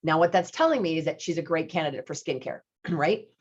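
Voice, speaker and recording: A woman's voice: low-pitched, lively intonation, brisk, slightly rough, dull audio. A woman giving a chatty, upbeat sales training talk, acting out phone calls with customers as she teaches. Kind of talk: instructional talk with retold dialogue.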